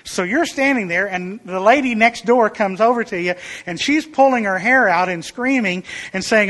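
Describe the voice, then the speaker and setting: A man's voice: normal speed, hardly any pauses, a bit bright. A man preaching a sermon in an earnest, emphatic way. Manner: earnest, emphatic, rises in pitch and volume for illustrations.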